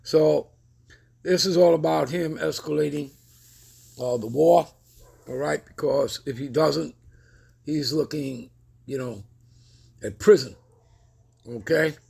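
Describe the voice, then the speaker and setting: A man's voice: fairly high pitch, slow pace, vocal fry, pauses often, a little mellow, breathy edge. A man preaching over news commentary, constantly checking in with his listeners with "all right?" and "okay?", reading scripture aloud with rising emphasis. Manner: keeps checking in with listeners with repeated tag questions.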